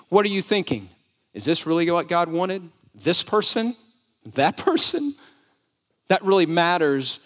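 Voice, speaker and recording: A man preaching a sermon. His voice sits a little high for a man. He speaks emphatically and keeps asking the congregation questions. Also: a bit bright. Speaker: pastor.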